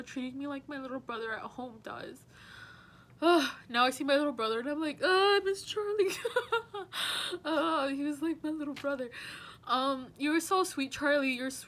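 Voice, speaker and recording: A woman's voice: high voice, fairly bright tone. A young woman working as a teaching assistant gives a heartfelt farewell message to her students, rambling earnestly with many fillers.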